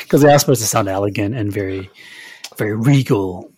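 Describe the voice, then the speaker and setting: A man's voice: lowish voice, a little mellow, slightly rough. A man hosting a podcast, reviewing a TV series in casual, chatty talk full of fillers and hedges. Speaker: podcast host.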